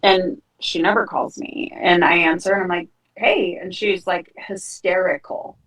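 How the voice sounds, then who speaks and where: A middle-aged woman, a podcast guest, telling a personal story in a lively, frank way and acting out the dialogue. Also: fairly low pitch, unhurried, roomy sound, distant mic, rough recording. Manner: animated, acts out dialogue with frank language. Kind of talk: conversational storytelling.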